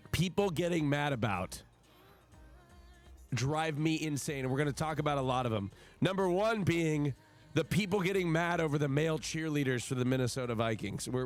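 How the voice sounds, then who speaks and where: Exasperated, foul-mouthed male streamer. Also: a little high. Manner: animated, profane, exasperated storytelling. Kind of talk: casual rant to live chat.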